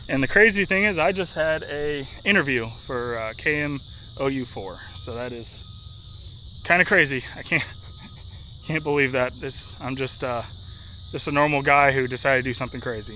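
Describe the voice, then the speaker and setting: A man's voice: on the high side, slight background noise. A man vlogging casually outdoors beside a river. He speaks plainly and often repeats himself. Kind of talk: casual outdoor travel vlog.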